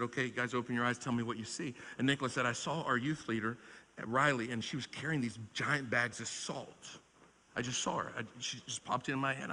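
A man in his forties preaching a revival sermon, swinging between loud exhortation and quiet storytelling. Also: medium pitch. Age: 40s. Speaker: pastor. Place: large church sanctuary. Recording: long church hall reverb.

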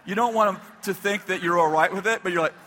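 A male pastor telling a story in a sermon, animated, acting out the dialogue and laughing as he goes. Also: high-pitched, quick pace, in a large hall, a little hiss or hum.

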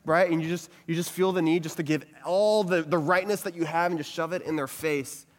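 A man's voice: fairly high pitch, fairly even intonation, a little fast. A man giving a sermon-style teaching talk, asking many rhetorical questions and repeating a catchphrase. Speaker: pastor teaching a group. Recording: long reverb of a hall.

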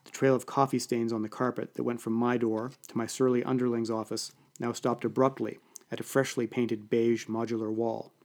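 A man's voice: medium pitch, little pitch movement, moderate pace, a little mellow. A man with a Canadian accent reading a first-person story aloud in a dry, wry way. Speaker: audiobook narrator. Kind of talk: first-person scripted narration.

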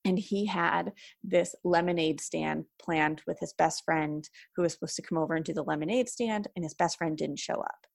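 Woman, lowish gravelly voice, chatty and informal parenting expert, dry close recording. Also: moderate pace, hardly any pauses, no echo. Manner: chatty, frequent "like" and "right?" fillers. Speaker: parenting educator guest. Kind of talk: casual conversational advice.

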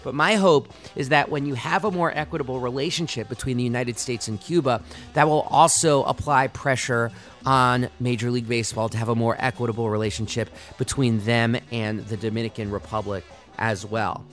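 A man's voice: mid-range voice, fairly even intonation, a little fast, fairly bright tone, faint music behind. A man hosting a sports podcast, delivering passionate, argumentative commentary.

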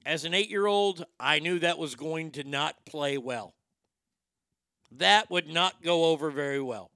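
A middle-aged man working a stand-up crowd with a crude, animated delivery. His voice is bright and forceful, pitched a touch high for a man, and the sound is close and dry with no room around it. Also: unhurried, dry recording. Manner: crude, animated, acts out quotes. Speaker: stand-up comedian. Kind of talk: stand-up storytelling.

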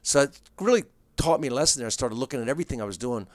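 A middle-aged man, a comedian and comedy writer, telling stories in a casual chat with quick bursts and restarts. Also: medium pitch, lively intonation, no echo.

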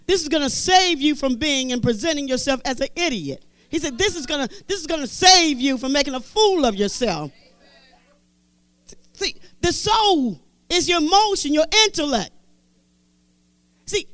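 A high-voiced woman preaching a sermon, her pitch swinging widely as she drives each point home. She repeats scripture phrases with emphasis and drops into casual, conversational asides. The sound is dry and close. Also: no echo. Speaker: Bible teacher.

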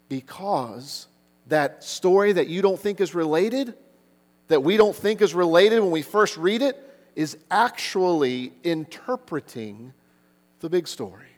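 A man's voice: sits high, in a large hall. A man preaching a sermon, earnest, who keeps asking the listeners rhetorical questions. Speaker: pastor.

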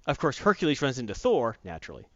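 A man chats through a comic book recap in a loose, rambling way. He keeps jumping into little acted-out lines as he goes. His mid-pitched voice comes through a dull, lo-fi recording with a dry sound. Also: quick pace, no room sound. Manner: rambling, animated storyteller who acts out quotes. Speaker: comic book podcast host. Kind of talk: casual comic recap chat.

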